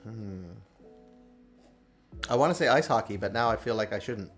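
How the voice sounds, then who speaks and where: A man's voice: lowish voice, animated, moderate pace, soft background music. A man hosting a podcast, chatting casually in an easygoing, joking way with some hesitation. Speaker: podcast host. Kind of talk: casual chat.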